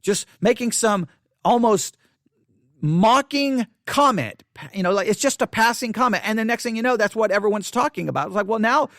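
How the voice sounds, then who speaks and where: A man's voice: high voice, expressive, normal speed, fairly bright tone, dry recording, studio quality. A man giving impassioned solo commentary to fellow Christians, pleading and often repeating or restarting his words. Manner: pleading, frequent repetitions and restarts.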